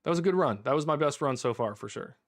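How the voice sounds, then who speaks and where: Fast-talking and expressive at medium pitch, a man gives live gameplay commentary while chatting with viewers, with occasional bursts of laughing mock frustration. The recording is dry and studio quality.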